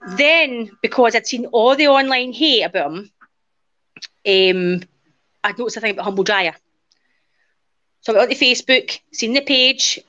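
A woman in her forties, a guest in an interview, casually telling a personal story and acting out the dialogue as she goes. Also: a little high. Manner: lively retelling that acts out quoted dialogue. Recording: dull lo-fi audio.

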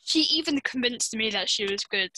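A woman co-hosting a casual fan chat, mostly quick agreeing replies and questions. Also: a little high, lively intonation, bright, forceful tone, no room sound, rough recording. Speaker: podcast co-host.

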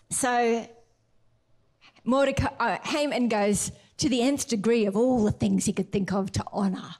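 Animated woman preaching a sermon. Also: a little high. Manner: animated, expressive storyteller, laughs often. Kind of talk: sermon with lively storytelling and scripture reading.

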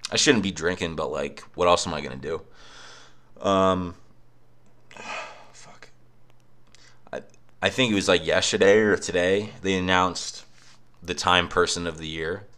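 A man's voice: deep voice, normal speed, a bit bright. A young man on a cheap microphone at home in his apartment, ranting casually with a profane, sarcastic edge. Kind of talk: casual rant.

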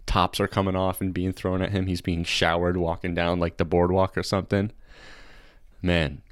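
A young man hosting a casual comedy podcast, chatty and excitable, laughing often. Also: low-pitched, normal speed, no echo, studio quality. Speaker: podcast host.

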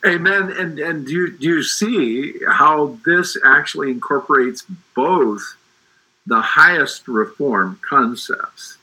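A man's voice: on the high side, slow, bright, forceful tone, breathy edge, poor audio. A middle-aged man talking about faith in an emphatic, preacherly way, often restarting his sentences. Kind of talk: faith discussion.

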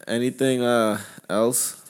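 A man's voice: mid-range voice, flat delivery, slow pace, smooth. A man co-hosting a podcast, chatting casually with slangy reactions. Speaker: podcast co-host. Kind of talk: casual chat.

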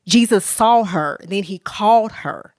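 Woman, podcast guest, earnest testimony, emotional, casual restarts, mid pitch. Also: animated, unhurried, no room sound, studio quality. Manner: earnest, emotional, with many restarts and "you know". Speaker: author and minister, podcast guest. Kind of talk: candid personal testimony in conversation.

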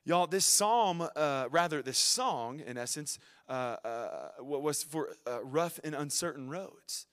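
Animated young preacher with high voice. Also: male voice, takes it slowly, few pauses, in a large hall. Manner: animated, swings from loud to hushed, stammers and restarts. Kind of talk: storytelling sermon.

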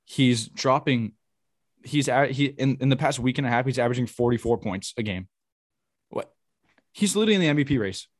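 A young man co-hosting a sports podcast, chatting casually and telling profane, excitable stories. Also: mid-range voice, brisk, no echo, clean studio sound. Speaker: podcast co-host.

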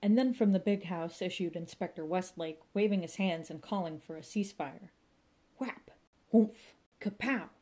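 A woman narrating a comic story in a lively, playful way, voicing sound effects as she reads. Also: lowish voice, brisk, few pauses. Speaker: audiobook narrator.

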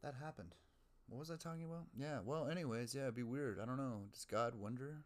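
A man's voice: medium pitch, brisk. A man hosting his own podcast, rambling casually and profanely, musing aloud and mocking himself. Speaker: podcast host.

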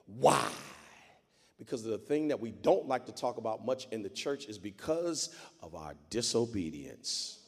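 A male pastor delivering a dramatic sermon, emphatic and repeating phrases for effect. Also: medium pitch. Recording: long hall reverb.

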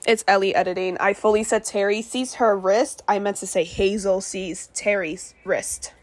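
Here a young woman co-hosts a podcast, recapping a TV episode at normal speed with a medium-pitched voice and fairly even intonation. It's casual, chatty talk packed with "like" and acted-out quotes.

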